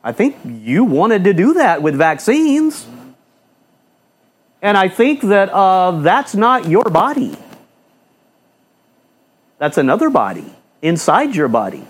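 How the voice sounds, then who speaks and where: A man's voice: sits high, wildly swooping pitch, takes it slowly, long pauses, slightly rough. A male pastor preaching a fiery sermon in a church, firing off rhetorical questions and repeating phrases for emphasis.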